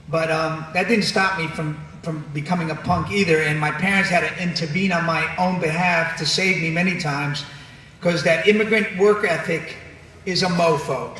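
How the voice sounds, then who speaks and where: A man giving a comedic commencement speech, an animated storyteller who slips into funny voices. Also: sits high. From New York City. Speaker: commencement speaker. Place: large ceremony venue. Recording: very echoey venue, distant mic, audience noise.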